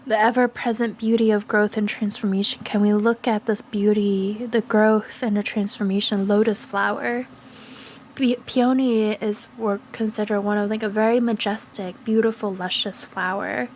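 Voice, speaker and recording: A woman giving a gentle, slow spiritual card reading, speaking in soft, affirming phrases with pauses and fillers. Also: mid-range voice, flat delivery, a little hiss or hum. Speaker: tarot and oracle card reader.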